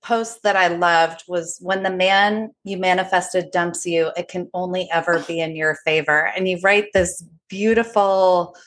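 A woman's voice: lowish voice, steady tone, measured pace, hardly any pauses, a bit bright. A woman hosting a casual podcast conversation, friendly and agreeable as she talks things through.

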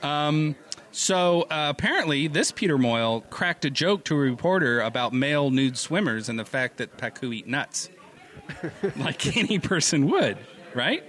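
Podcast guy, lively swingy voice, bright and punchy, laughs a lot, reads stories out loud. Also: on the high side, moderate pace. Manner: animated, laughs often, reads headlines aloud. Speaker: podcast co-host. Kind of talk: casual chat.

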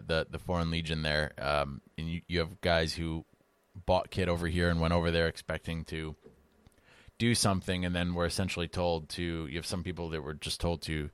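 Deep, smooth-voiced male co-host. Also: dry recording. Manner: easygoing, rambling questions. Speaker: podcast co-host. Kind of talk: casual podcast conversation.

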